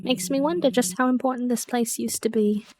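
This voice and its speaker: Bookish archaeologist villager, a woman putting it on, put-on british accent, reads lines out loud. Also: fairly high pitch, fairly quick, a little hiss or hum, voice pushed up, close to an everyday voice. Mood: musing. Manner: reads game dialogue aloud in a put-on accent.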